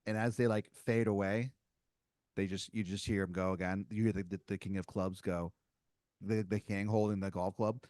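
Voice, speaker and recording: A man hosting a comedy podcast, improvising a story in a rambling, halting way with many fillers and giggles. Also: fairly low pitch, fairly even intonation, darkish tone, no room sound, studio quality. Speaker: podcast host.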